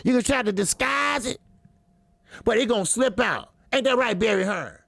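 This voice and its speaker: A man with a high voice and a heavy gravelly fry rants about boxing as a channel host. He is profane, repeats himself, and mocks as he goes. The sound is dry and close. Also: moderate pace, fairly bright tone, no echo. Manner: profane, repetitive, mocking, fiery. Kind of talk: heated commentary monologue.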